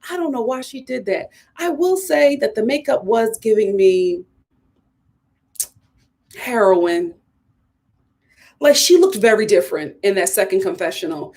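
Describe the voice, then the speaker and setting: A woman's voice: mid-range voice, expressive, measured pace, long pauses, darkish tone. A young woman giving a casual, sassy recap of a reality TV episode, often talking straight to the people on screen. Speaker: reality TV reviewer.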